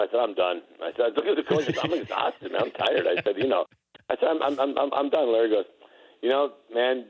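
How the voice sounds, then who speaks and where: A man's voice: medium pitch, very animated, a little fast, slightly rough, poor audio. A middle-aged man, a former basketball player, telling laughing anecdotes in a casual interview, with lots of restarts.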